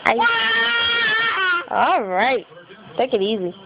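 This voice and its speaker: A woman's voice: fairly high pitch, slow, lo-fi sound, heavy background noise. A mother at home filming her baby on a phone, coaxing in sing-song baby talk and laughing often. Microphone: phone camera.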